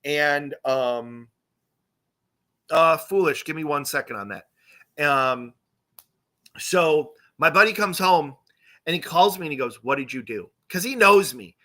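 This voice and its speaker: A man's voice: a little high, takes it slowly, pauses often, sharp tone. A young man hosting a live stream, telling a rambling, profane, self-mocking story and acting out the voices of the people in it. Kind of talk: casual storytelling.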